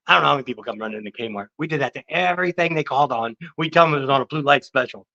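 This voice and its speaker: Older male co-host in his 60s, rapid bright delivery, lively storyteller, dull lo-fi livestream audio. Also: medium pitch. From California. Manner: lively storyteller, acts out other people's lines. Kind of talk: casual livestream chat.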